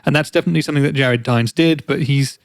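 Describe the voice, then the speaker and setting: A man's voice: mid-range voice, quick pace, creaky, no room sound. Man, podcast co-host, rambling, casual chat, dry close sound. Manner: chatty, rambling explanations.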